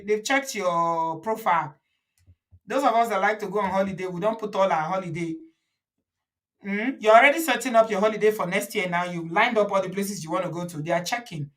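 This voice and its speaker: A woman's voice: medium pitch, a bit bright. A woman with a Nigerian accent, hosting a casual live stream, reading viewer comments aloud and slipping into pidgin and Yoruba. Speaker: host.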